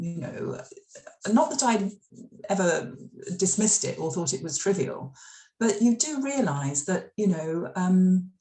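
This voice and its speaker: A warm, lowish voice with lively intonation belongs to a middle-aged British author who used to script radio dramas. Unhurried and chatty, she tells stories in a library interview, stumbling into restarts and fillers. The event room gives the recording an echo.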